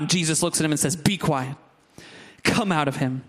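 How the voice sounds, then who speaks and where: A man preaching a sermon, lively and conversational, with asides to the congregation. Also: fairly high pitch, moderate pace, husky. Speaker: pastor.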